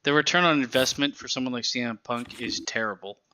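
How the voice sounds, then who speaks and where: A man's voice: medium pitch, a little fast, pushed and bright, slight background noise. A man co-hosting a casual podcast, skeptical and blunt in his takes. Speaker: podcast co-host. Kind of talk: casual chat.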